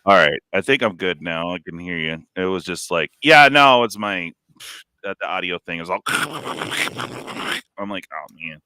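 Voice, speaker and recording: A man hosting a casual live stream, rambling and animated, full of fillers like "dude" and "like". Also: deep voice, normal speed, clear, resonant tone, dry recording, clean studio sound. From California. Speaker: stream host.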